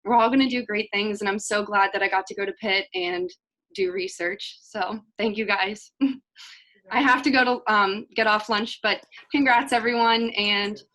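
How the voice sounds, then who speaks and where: A woman's voice: mid-range voice, normal speed, bright, forceful tone, low-quality recording. A young woman in her twenties, a graduating nursing student, thanking her mentor on a video call, bubbly and emotional. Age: 20s.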